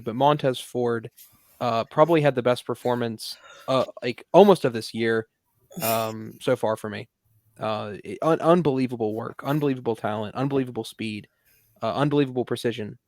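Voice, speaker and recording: Fast-talking dry-voiced male podcast host. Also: medium pitch, darkish tone, dry recording. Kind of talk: casual chat.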